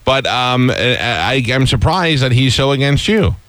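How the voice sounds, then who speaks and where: A man's voice: medium pitch, lively intonation, unhurried, a bit bright, no echo. A man hosting talk radio, joking, teasing and rambling with his guest. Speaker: radio host.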